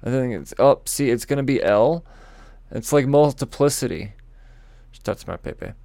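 A man talks slowly through his comic picks, with a gravelly, fry-heavy voice. He trips over names, swears freely and jokes about himself. The sound is dry and close, with no room echo. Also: medium pitch, animated, dark tone. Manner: rambling, stumbling over names, self-deprecating, swears. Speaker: comics vlogger. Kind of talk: casual rambling comic preview.

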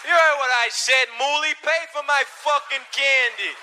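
A man's voice: very high-pitched, moderate pace, a crowd in the background, background noise. A man playing a short, swaggering Italian-American man with a New York Italian accent in a stand-up bit, brash and profane. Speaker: comedian doing a stand-up bit. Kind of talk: stand-up comedy impression.

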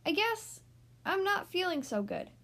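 A woman's voice: extremely high pitch, big pitch swings, a little slow, fairly bright tone, pitched above the performer's own voice, full character voice. A woman voicing a kind young girl who plays toy doctor, sweet and earnest, in a storybook reading. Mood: gentle.

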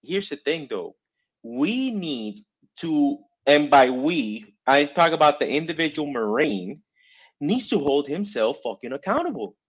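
A man explains a point emphatically in casual talk, often asking "right?" to keep the listener with him. His voice sits a little higher than most men's. The recording is dull and muffled. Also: sing-song, a little slow, slightly rough. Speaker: Marine, former recruiter. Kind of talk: casual chat.

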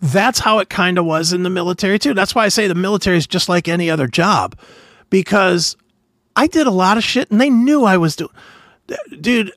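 A man hosting a podcast, telling army stories in a casual, profane way and loudly acting out the people he quotes. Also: high-pitched, fairly quick, no room sound, studio quality. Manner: animated, swearing, acts out quotes loudly. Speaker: podcast host, former soldier. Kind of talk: casual storytelling chat.

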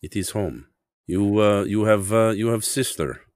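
A man voicing a proud Russian father who speaks careful, halting English with a Russian accent. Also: on the low side, a little mellow, no echo, clean studio sound, pitched above the performer's own voice, close to an everyday voice. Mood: gentle. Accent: put-on Russian. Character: proud Russian father searching for his son.

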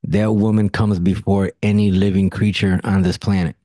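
A man's voice: low-pitched, little pitch movement, moderate pace, warm tone, no room sound, clean studio sound. A man hosting a casual podcast conversation, telling blunt stories and swearing freely. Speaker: podcast host.

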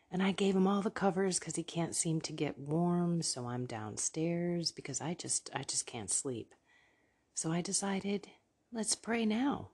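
A tired woman whispers her devotional podcast late at night, her voice extremely breathy and husky. She talks slowly, in a lowish register. Her tone is earnest and encouraging throughout. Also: a little mellow. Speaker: podcast host. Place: downstairs at home at night.

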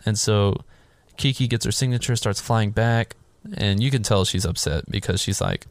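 A man's voice: medium pitch, normal speed, no room sound, clean studio sound. A man casually recapping a film on a podcast, rambling through the plot and acting out the characters' lines, with plenty of swearing. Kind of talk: casual chat.

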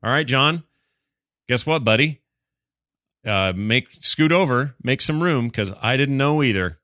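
A man's voice: medium pitch, lively intonation, unhurried, pushed and bright, dry recording, clean studio sound. A man hosting a podcast, reading listener emails aloud and chatting about them in a rambling, self-deprecating way. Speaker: podcast host.

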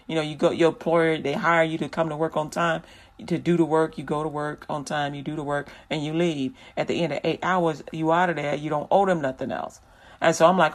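A man's voice: a little high, steady tone, normal speed, a bit bright. Man, radio host, casual preachy talk, slangy, rambling, studio. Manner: loose, slangy, rambling storyteller.

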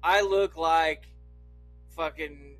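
A man's voice: on the high side, extremely slow, a bit bright, faint music behind, rough recording. A man from Idaho telling a long story on a podcast, swearing often and laughing as he goes. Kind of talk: casual anecdote telling.

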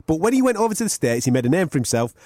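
Male co-host, slightly high voice, cheeky banter, dry close mic. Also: sing-song, very fast, a little mellow, no room sound. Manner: banter, swearing, argues with the other host. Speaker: podcast co-host. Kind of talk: casual chat.

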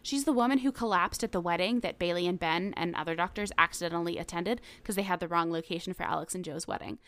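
A woman co-hosting a podcast in casual, enthusiastic chat with quick asides. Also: fairly low pitch, a bit bright, no room sound. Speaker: podcast co-host.

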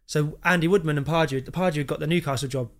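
Brisk, animated male podcast guest in his thirties, slightly raised pitch. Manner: animated anecdotes, acts out quoted lines. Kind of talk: casual storytelling chat.

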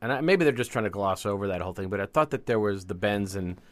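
A man's voice: on the low side, fast, no echo. A man in his fifties, a podcast co-host, riffing on a movie with dry, wisecracking jokes in casual chat. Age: 50s.

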